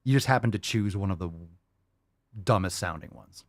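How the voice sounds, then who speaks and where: A man's voice: low voice, expressive, normal speed, no echo. A man hosting a livestream podcast, ranting casually in a profane, emphatic and repetitive way. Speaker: podcast host.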